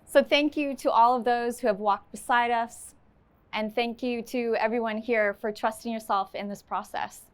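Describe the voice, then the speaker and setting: Woman, higher voice, stage storyteller, frank and wry. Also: steady tone, moderate pace, clean tone. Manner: candid, self-deprecating humor. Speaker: stage speaker sharing a personal story. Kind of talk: storytelling talk with audience Q&A. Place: event stage before a live audience.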